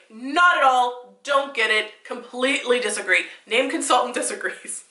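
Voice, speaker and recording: A woman in her thirties reacts on camera as a name consultant, her voice bright and forceful with a slightly raised pitch. She grows more exasperated as she goes, laughing often between her objections. The room around her rings with a noticeable echo.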